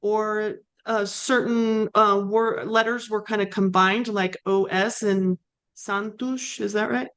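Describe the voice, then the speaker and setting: A woman acts as host of a conversational interview, asking curious questions. Her voice sits at an average pitch, and her manner is inquisitive. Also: fairly even intonation, takes it slowly, a bit bright, smooth.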